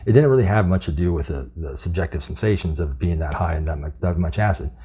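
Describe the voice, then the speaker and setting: A man's voice: deep voice, expressive, quick pace, mellow, husky. A man giving a profane, scornful commentary rant, rambling as he calls a story false. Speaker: commentary vlogger.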